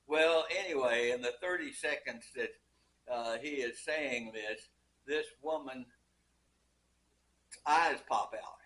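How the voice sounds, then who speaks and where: An older man telling a long joke as a story, pausing a lot and restarting his sentences. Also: mid-range voice, sharp tone, rough recording. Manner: hesitant, many fillers and restarts.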